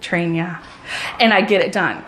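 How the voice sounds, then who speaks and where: A woman's voice: on the low side, steady tone, moderate pace, a bit bright, roomy sound, a little hiss or hum. A woman who is a runner and a mom, talking in an upbeat, enthusiastic and encouraging way in a casual motivational vlog.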